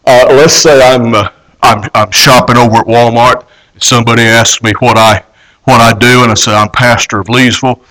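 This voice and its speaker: A man's voice: medium pitch, steady tone, normal speed, a bit bright, rough recording. A male pastor preaching a sermon in an earnest way, often restarting and repeating words.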